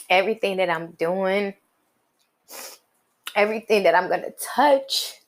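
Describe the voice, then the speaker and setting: This podcast host's voice is fairly high. She gives a motivational talk in everyday phrasing, leaning on long, emphatic pauses.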